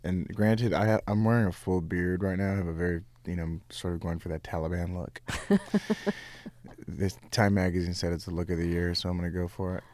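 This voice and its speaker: Young male comic, deep low voice, dry close sound, animated anecdote delivery. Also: dry recording. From United States. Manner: animated, quick to laugh, restarts. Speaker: stand-up comic guest. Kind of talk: casual interview, telling jokes from his act.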